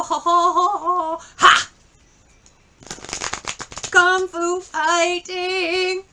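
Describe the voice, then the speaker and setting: Bright-voiced chatty woman reading tarot. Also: fairly high pitch, slight background noise. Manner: chatty, blunt, swears freely. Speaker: tarot reader. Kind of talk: casual tarot reading with storytelling.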